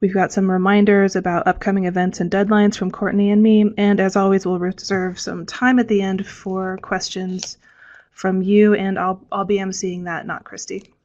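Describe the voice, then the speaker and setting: A woman's voice: mid-range voice, little pitch movement, normal speed, a little mellow. A woman MC opening an online member forum in a friendly, hesitant way with many fillers. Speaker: communication strategist and forum MC. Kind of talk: online presentation. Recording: dull, muffled online audio.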